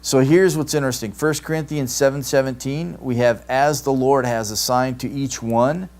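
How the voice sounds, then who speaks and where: A man's voice: medium pitch, steady tone, moderate pace, darkish tone. Man teaching a grammar lecture. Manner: explanatory, checks in with "right?" often. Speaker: Greek teacher. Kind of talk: classroom lecture. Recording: live stream capture.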